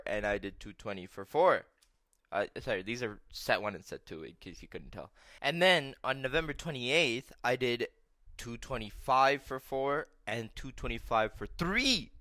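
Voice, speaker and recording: Young guy vlogger, swearing, lively swings in pitch, dry close sound. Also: normal speed, dry recording. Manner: animated, profane ranting. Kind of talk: casual storytelling vlog.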